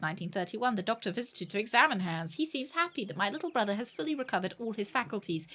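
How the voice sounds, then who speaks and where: A woman's voice: fairly high pitch, very animated, fast, few pauses, a bit bright. A woman streamer reading a game's diary entries aloud, with wry, sweary joking asides in between. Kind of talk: reading game text aloud with live commentary.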